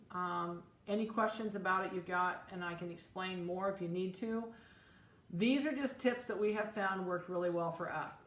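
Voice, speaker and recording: Middle-aged woman, mid-pitched, folksy and practical, talking through tips in a roomy space. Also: fairly bright tone. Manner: plainspoken, practical, chatty with fillers. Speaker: dog breeder. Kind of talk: casual instructional talk.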